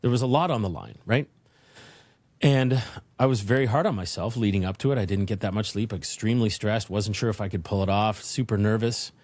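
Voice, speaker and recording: A man guest on a business podcast, telling a personal story in an animated way and acting out the voices in his head. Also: on the low side, a little fast, no echo. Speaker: podcast guest, leadership consultant. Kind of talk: interview storytelling.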